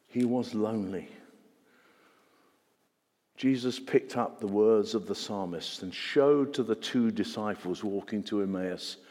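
A man's voice: fairly low pitch, darkish tone. A man preaching a sermon in an earnest way, repeating words for emphasis and putting questions to the congregation. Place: church. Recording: long church reverb.

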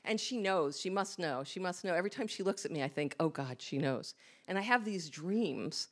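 Speaking a little fast with a lowish voice and lively intonation, a woman shares a candid personal story that pokes fun at herself. She performs her inner thoughts aloud for a live audience in a small hall.

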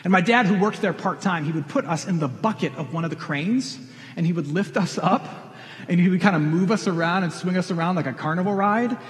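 A middle-aged man with a high-sitting voice preaches briskly, earnestly confronting his congregation with questions. He is a pastor, and the recording has the long reverb of a large hall.

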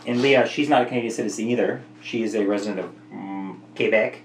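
A man bantering quickly in a lowish voice. The room is echoey, with faint ambience behind him. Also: far from the mic, a little hiss or hum. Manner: bantering, teasing. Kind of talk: casual chat.

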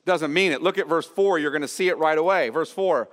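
A man preaching an expository sermon as pastor, earnest and explanatory, often pausing to restate a phrase. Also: a little high, animated, long reverb tail. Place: church sanctuary.

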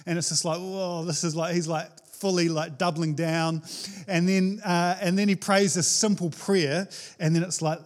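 A man preaching a casual, conversational sermon as a pastor, animated and chatty with many fillers. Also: high-pitched, moderate pace. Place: church.

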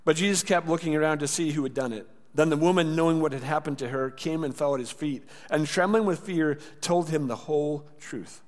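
Guy preaching a sermon, chatty, acts out the quotes, kinda high voice, big echoey church. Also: normal speed. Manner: conversational, acts out quoted lines, drops soft for tender words. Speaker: pastor. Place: church sanctuary. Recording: church hall with long reverb.

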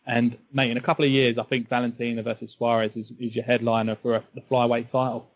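A man's voice: medium pitch, little pitch movement, fast talker, rough recording. A man co-hosting a sports podcast in casual, chatty talk, often repeating his words. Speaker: podcast co-host.

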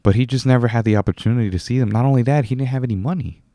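A man's voice: mid-range voice, rapid-fire, warm tone, dry recording, studio quality. A young man hosting a solo podcast, rambling casually, correcting himself and chuckling now and then. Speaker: podcast host.

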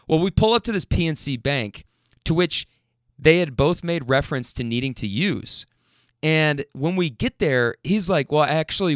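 A young man telling a rideshare story in a casual, animated way, swearing a lot and restarting his sentences. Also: medium pitch, dry recording, clean studio sound. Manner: animated, profane, rambling with restarts.

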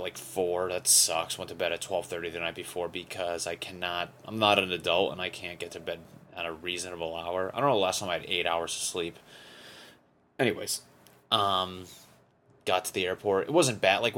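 Low-voiced rambling podcast host, a young man. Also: bright, forceful tone. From Connecticut. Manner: rambling, profane, self-deprecating. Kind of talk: casual solo podcast monologue.

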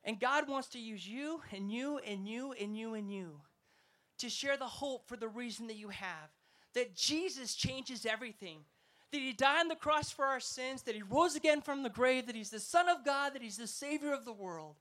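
A man's voice: extremely high pitch, normal speed, pushed and bright. Rousing man preaching a sermon. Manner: emphatic, rousing, storytelling delivery. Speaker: evangelist preacher. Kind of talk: festival sermon.

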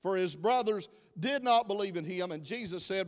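A man's voice: sits high, expressive, normal speed, hardly any pauses. A middle-aged man preaching a sermon in a church, folksy and chatty, joking with his congregation. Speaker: pastor. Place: church sanctuary. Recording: long reverb of a church hall.

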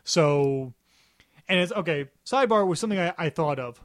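Guy cohosting a podcast, kinda high voice, rambles and restarts a lot, dry close mic. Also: expressive, moderate pace, dry recording. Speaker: podcast co-host. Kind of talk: casual chat.

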